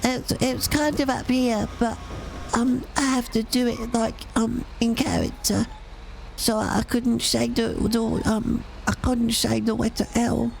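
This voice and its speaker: A man putting on the voice of a small child who can't say the letter L, sounding congested from a cold and talking haltingly. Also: very high-pitched, little pitch movement, creaky, slight background noise, pitched above the performer's own voice, exaggerated voice.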